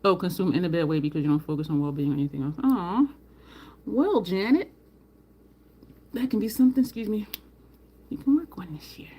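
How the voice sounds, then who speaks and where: A woman's voice: on the low side, fairly quick, long pauses, mellow, breathy edge. A woman hosting a casual livestream, chatting with viewers and answering their comments while she does her makeup. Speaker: livestream host.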